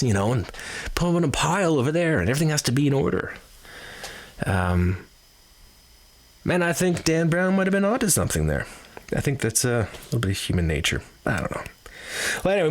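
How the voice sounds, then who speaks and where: A man hosting a podcast, rambling through a casual, profane, self-mocking monologue. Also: fairly low pitch. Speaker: podcast host.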